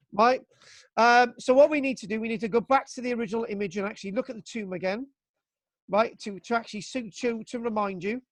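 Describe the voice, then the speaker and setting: A man from Britain teaching archaeology to young students over a video call, excitable and jokey, mock-exasperated, tagging "right?" onto his sentences. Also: very high voice, no room sound. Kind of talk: live online class.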